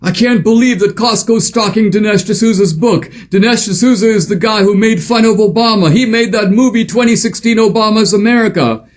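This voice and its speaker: A man's voice: high-pitched, normal speed, hardly any pauses, pitched above the performer's own voice, natural voice. A man voicing an indignant male political operative, exclaiming in disbelief. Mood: outraged. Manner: exclaiming, incredulous.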